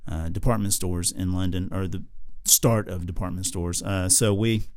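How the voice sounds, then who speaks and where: An American podcast co-host with a deep, steady, darkish voice tells a travel story at normal speed. The chat is casual, and he rambles with plenty of fillers and restarts.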